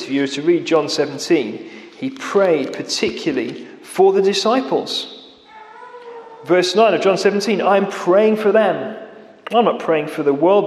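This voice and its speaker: A man preaching a sermon, earnest, slowing down to stress key words and dropping to a quiet voice at the ends of phrases. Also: fairly high pitch. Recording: echoey hall with long reverb.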